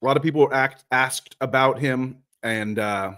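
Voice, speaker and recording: A man's voice: mid-range voice, moderate pace, bright, forceful tone. A man hosts a live soccer talk show in an easy, rambling way. He keeps doubling back on his words, teases himself and swears now and then. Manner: rambling, profane, self-mocking. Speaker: podcast host. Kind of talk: casual live soccer chat.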